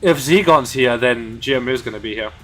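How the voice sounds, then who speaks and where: A man's voice: mid-range voice, moderate pace, a bit bright. Male streamer, reading game text aloud, mock-formal tone, trips over words, faint music behind. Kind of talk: reading game dialogue aloud with casual asides.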